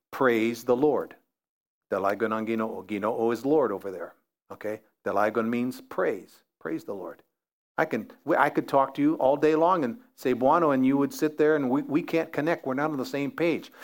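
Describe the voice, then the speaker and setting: A man preaching a sermon as pastor, building emphasis through repeated phrases. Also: mid-range voice.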